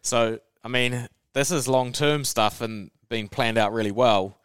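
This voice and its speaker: A man's voice: medium pitch, measured pace, fairly bright tone, smooth, no room sound. A man co-hosting a casual podcast, speaking emphatically with some swearing. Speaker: podcast co-host.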